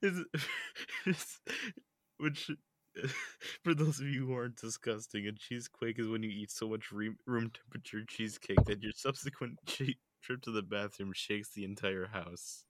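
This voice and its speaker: A man's voice: on the low side, huge pitch swings, moderate pace, slight background noise. A man co-hosting a casual podcast, reading out a list and often laughing and swearing. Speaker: podcast co-host.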